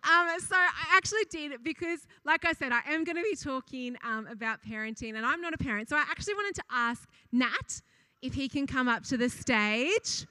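Young woman, casual sermon, giggly, chatty, bright voice, dry close sound. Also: high-pitched, moderate pace, no room sound. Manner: giggly, chatty, breaks off often with laughs; reads funny anecdotes aloud to the congregation. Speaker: church speaker.

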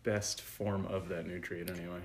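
A woman's voice: a bass voice, level tone, moderate pace, a little mellow. A woman co-hosting a casual chat, giving short, wry, teasing replies.

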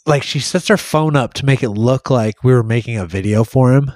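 A man's voice: mid-range voice, brisk, few pauses, darkish tone, no room sound, studio quality. A young man hosting a podcast, telling a rambling, crude story full of swearing and acted-out quotes. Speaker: podcast host.

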